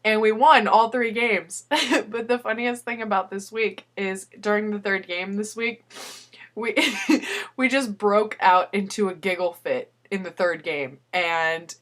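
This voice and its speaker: A young woman with a mid-range, fairly bright voice tells a story at a measured pace in a casual personal video letter. She giggles often as she chats.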